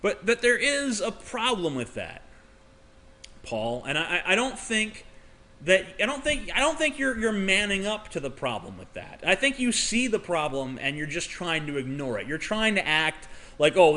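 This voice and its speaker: A man's voice: high-pitched, sing-song, normal speed, sharp tone. A man ranting in a casual vlog. He argues in a heated, profane way and often stammers and restarts. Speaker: vlogger.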